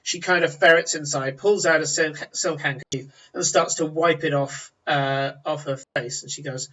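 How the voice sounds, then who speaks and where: A man's voice: fairly high pitch, fairly even intonation, normal speed, hardly any pauses, pushed and bright. A man narrating as game master, describing scenes at length with many ums and uhs. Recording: distant lo-fi mic.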